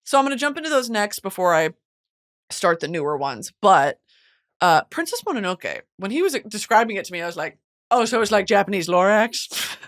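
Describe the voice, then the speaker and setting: A young woman hosting a casual chat show, animated and expressive, swearing freely. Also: medium pitch, brisk. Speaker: podcast host.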